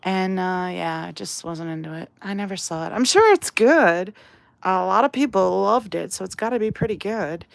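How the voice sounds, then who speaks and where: Woman, livestream host, casual chat, self-deprecating, gravelly, dry close mic. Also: mid-range voice, moderate pace, no echo. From outside England. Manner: chatty, self-deprecating, reads chat aloud. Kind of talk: casual live-stream chat while painting.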